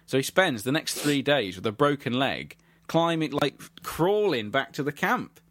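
A man's voice: mid-range voice, animated, moderate pace, fairly bright tone. A man hosting a podcast, rambling through stories with lots of giggles. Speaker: podcast host. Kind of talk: casual chat.

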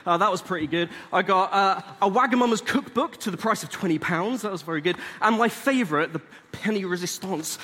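High-voiced man telling a story in a hall. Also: a little fast, sharp tone, a faint crowd, slight background noise. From England. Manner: chatty, self-deprecating storyteller with laughs. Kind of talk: storytelling sermon.

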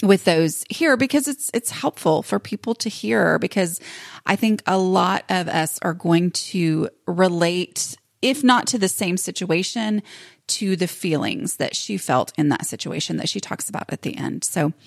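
A woman's voice: on the low side, lively intonation, a little slow, vocal fry, no room sound, studio quality. A woman hosting a podcast, talking in a chatty, rambling way with lots of fillers. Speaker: podcast host. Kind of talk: casual podcast intro.

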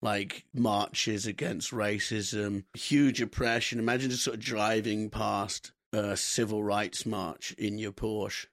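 Laughing British man bantering fast. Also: fairly low pitch, steady tone, no room sound, clean studio sound. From Britain. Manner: laughs often, quick bantering. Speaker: podcast co-host. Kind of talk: comedic casual chat.

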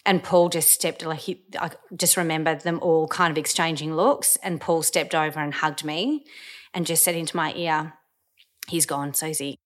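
A woman telling a personal story in the first person, hesitant, with frequent pauses, ums and restarts. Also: low-pitched, steady tone. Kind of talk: emotional first-person recollection.

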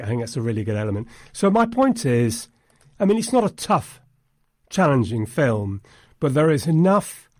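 A man's voice: mid-range voice, darkish tone. A man talks through a film's themes in an easy, analytical way, adding the odd wry aside. His voice sits in an ordinary middle register and sounds dry and close, with no room echo. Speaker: film podcast co-host. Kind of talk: conversational film discussion.

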